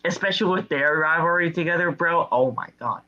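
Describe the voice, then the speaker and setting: A man co-hosting a casual podcast, recapping a wrestling show with animated storytelling and exasperated jokes. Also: a little high, fairly quick, highs cut off. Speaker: podcast co-host.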